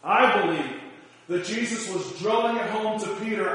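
A man preaching a sermon with passion, driving points home through repeated phrases and shouted emphasis. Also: sits high, normal speed. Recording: echoey hall with long reverb.

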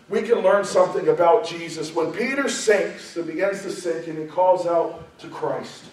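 A man preaching a sermon, speaking emphatically and building to loud, passionate peaks. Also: fairly high pitch. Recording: very echoey room, voice far from the mic.

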